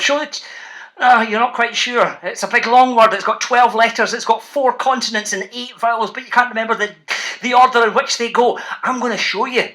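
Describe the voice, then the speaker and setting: A Scottish man, a children's author, reading and teaching to schoolchildren in an animated, playful, teasing way. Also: very high-pitched, normal speed.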